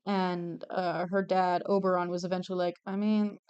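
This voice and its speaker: Chatty young woman streamer, smooth voice. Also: fairly low pitch, completely flat delivery, normal speed, darkish tone, dull audio. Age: young adult. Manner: gushing, chatty, swears freely, trails off mid-sentence. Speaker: streamer drawing commissioned art. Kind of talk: casual livestream chat while drawing.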